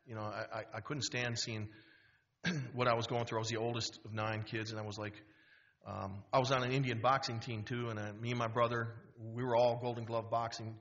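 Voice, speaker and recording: A man's voice: mid-range voice, brisk. A man in his fifties from Wisconsin, a guest speaker telling a humorous story with lots of restarts in a university auditorium. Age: 50s. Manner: animated, humorous, full of restarts. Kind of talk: storytelling talk. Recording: dull auditorium recording.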